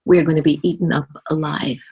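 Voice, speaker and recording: Low husky earnest woman. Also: quick pace, rough recording. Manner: earnest, animated storytelling. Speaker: guest, spiritual teacher. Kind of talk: conversational interview.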